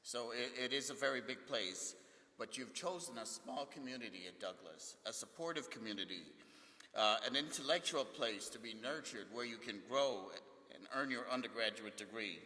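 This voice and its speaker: A man's voice: medium pitch, moderate pace. A man in his sixties giving a university convocation speech, telling stories and jokes to new students. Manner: storytelling, jokes, builds excitement in anecdotes. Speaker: university administrator speaking at convocation. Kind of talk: ceremonial speech with humorous anecdotes. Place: large hall. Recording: echoey hall with long reverb.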